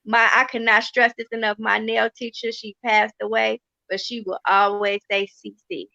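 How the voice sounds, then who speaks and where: Bright, emphatic woman in dry sound. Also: a little high, little pitch movement, normal speed, vocal fry, no echo, lo-fi sound. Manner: colloquial, emphatic. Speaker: nail tech. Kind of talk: casual chat.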